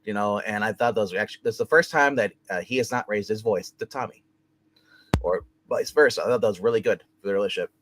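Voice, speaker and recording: A man's voice: fairly low pitch, fast, slight background noise. A man co-hosting a TV review show, recapping an episode in a rambling way full of fillers. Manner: rambling recap, heavy with fillers like "you know" and "like".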